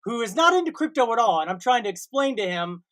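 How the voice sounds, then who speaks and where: A man's voice: extremely high pitch, big pitch swings, fast talker, fairly bright tone. Male host, casual, self-mocking, laughs often. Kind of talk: casual chat.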